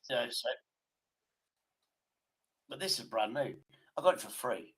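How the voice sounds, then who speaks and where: A man chatting quietly on a livestream, mumbling and distracted. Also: medium pitch, lively intonation, unhurried, husky, rough recording. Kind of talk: casual livestream chat.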